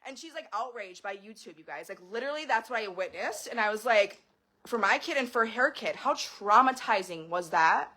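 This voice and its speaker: In an emotional vlog rant aimed at the camera, a woman in her thirties swears openly and shifts from laughter to tears. Her fairly high voice is expressive, bright and forceful, at a normal speed.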